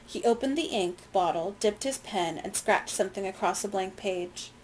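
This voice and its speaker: A woman reads a novel aloud in a measured, plain storytelling voice, now and then stopping to explain. Her pitch sits in the middle range, and a faint background hiss runs under the recording. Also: poor audio. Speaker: reader. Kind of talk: reading a novel aloud with comments.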